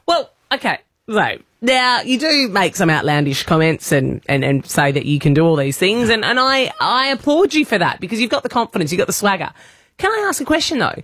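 A woman co-hosting breakfast radio, chatty and quick to tease. Her voice swings up and down a lot and has a slightly husky, breathy edge. The sound is dry and close. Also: mid-range voice, sing-song, fairly bright tone, no echo. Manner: chatty, teasing. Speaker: radio co-host.

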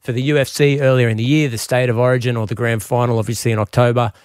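An Australian man speaking as a politician guest in a radio studio, steady and earnest with small restarts. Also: medium pitch, quick pace, clean tone, dry recording. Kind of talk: radio interview.

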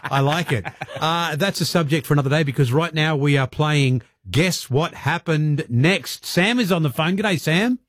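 Australian man hosting sports radio, brisk and upbeat, very dry close sound. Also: on the high side, no room sound. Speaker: radio host. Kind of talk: casual radio banter.

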